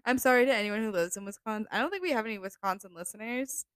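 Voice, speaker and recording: A young woman co-hosting a podcast, giggly and quick to react, often apologizing. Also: fairly high pitch, fairly bright tone, clean tone, dry recording. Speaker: podcast co-host. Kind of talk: casual podcast chat.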